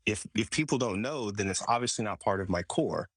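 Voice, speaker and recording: A man hosting a podcast, telling a personal story in a relaxed conversational way, often restarting and quoting himself. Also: lowish voice, fairly quick, breathy edge, no room sound. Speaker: podcast host. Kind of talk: casual conversation.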